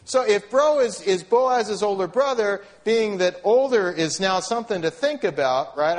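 Lively, animated male preacher. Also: high-pitched. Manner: animated, conversational preaching with rhetorical questions and asides. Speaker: pastor. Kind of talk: sermon.

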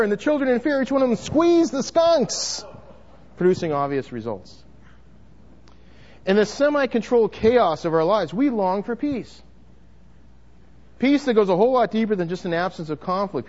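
Guy preaching a sermon, kinda high voice, emphatic, keeps repeating words, muffled lo-fi sound. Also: a little mellow. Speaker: pastor.

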